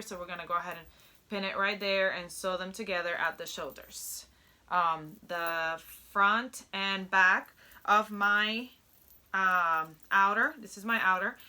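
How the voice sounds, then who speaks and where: A woman's voice: medium pitch, sharp tone. A young adult woman giving a casual sewing tutorial, chatty and openly nervous, with many filler ums. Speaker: sewing pattern instructor.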